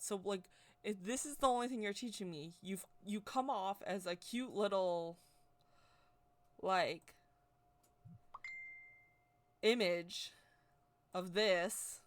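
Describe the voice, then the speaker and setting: A woman vlogger telling a personal story in a casual, rambling, excitable way, with constant "like" fillers. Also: mid-range voice, slow pace, long pauses, no echo. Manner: chatty, rambling, heavy use of "like"; excitable, animated retelling. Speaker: witchcraft vlogger.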